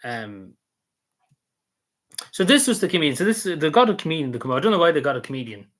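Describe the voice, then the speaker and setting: A man's voice: on the high side, big pitch swings, fast, a bit bright. A man, casually recapping an event he attended, rambling and repeating himself with many fillers. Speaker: vlogger.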